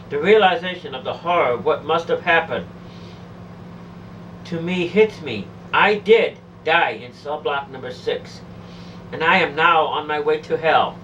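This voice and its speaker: A woman's voice: deep voice, unhurried, a bit bright, distant mic, highs cut off, slight background noise. A woman telling a first-person testimony of a near-death experience, pleading, emotional and repetitive.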